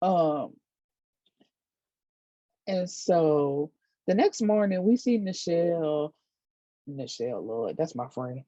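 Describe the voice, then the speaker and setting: A woman vlogger casually recapping a TV episode, chatty and animated, acting out quotes and dropping side comments. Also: lowish voice, slow pace, long pauses, no room sound, lo-fi sound. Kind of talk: casual chat.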